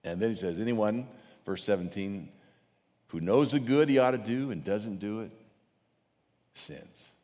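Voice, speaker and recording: A man's voice: on the low side, normal speed, mellow. A man preaching a sermon as pastor. He talks with animation and acts out mocking voices. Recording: long hall reverb.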